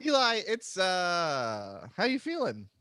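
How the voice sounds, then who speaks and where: A man's voice: sits high, wildly swooping pitch, slow pace, bright, forceful tone, no echo. A man hosting a live comedy podcast, joking and sarcastic, often trailing off into mumbles. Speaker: podcast host.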